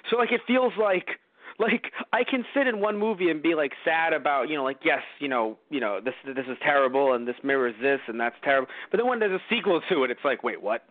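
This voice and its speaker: A man's voice: on the high side, expressive, brisk, no echo. A man hosting a casual movie review podcast, rambling with many fillers and restarts. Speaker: podcast host. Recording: dry, phone-like lo-fi audio.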